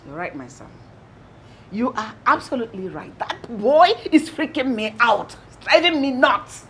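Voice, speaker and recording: A woman's voice: a little high, very animated, normal speed, slight background noise. An actress with a Nigerian accent playing a scheming queen mother, coaxing and conspiring.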